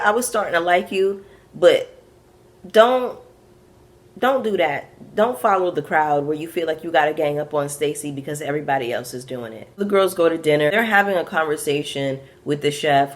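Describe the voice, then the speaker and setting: Young woman, Brooklyn accent with Bajan and patois flavour, low voice, animated TV recapper. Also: moderate pace. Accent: Brooklyn with a Bajan and Caribbean patois touch. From Brooklyn, USA. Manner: sassy, animated, frank asides to viewers. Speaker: YouTube reality TV recapper. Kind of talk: casual recap commentary.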